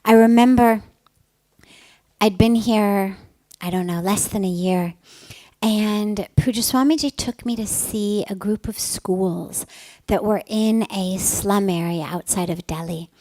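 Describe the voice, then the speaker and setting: A middle-aged woman, a spiritual teacher, telling a personal story in an earnest, emphatic way that often softens to a breathy hush. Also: medium pitch, takes it slowly, no room sound.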